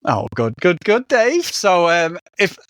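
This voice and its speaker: A man hosting a casual movie review podcast, excitable and swearing freely, losing his voice. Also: high-pitched, slow pace, clean tone, no room sound, studio quality. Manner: excitable, swearing, laughing often. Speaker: podcast host.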